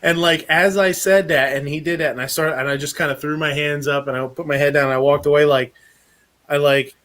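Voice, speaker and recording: A man's voice: fairly high pitch, fairly even intonation, fairly quick, a bit bright. A man hosting a casual live chat, telling a rambling story full of swearing and laughter. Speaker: podcast host.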